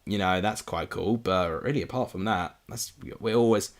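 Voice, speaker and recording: This young adult from England has a lowish voice and speaks at a moderate pace. As host of a live football watchalong stream, he keeps things casual and answers comments from viewers.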